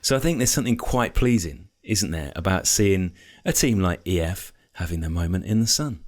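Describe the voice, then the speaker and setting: A man hosting a cycling podcast in casual chat, measured and diplomatic, steering the talk from point to point. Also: low voice, animated. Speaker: podcast host.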